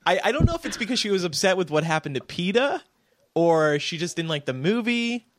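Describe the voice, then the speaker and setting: A man's voice: high voice, big pitch swings, fairly quick, a bit bright, no room sound, clean studio sound. A man hosting a casual movie chat, talking in a chatty way with frequent restarts. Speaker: podcast host.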